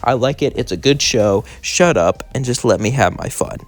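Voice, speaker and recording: A man's voice: medium pitch, expressive, moderate pace, faint music behind. A man hosting his own channel, talking casually and ranting bluntly and emphatically about his opinions. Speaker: channel host. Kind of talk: casual monologue and rant.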